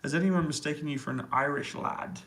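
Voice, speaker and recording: A man's voice: a little high, a little fast, a bit bright, low-quality recording. A man casually chatting on a live stream from army accommodation, reading out viewer comments and answering them in an easygoing way with frequent laughs. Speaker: YouTuber answering live chat. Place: army accommodation room, indoors.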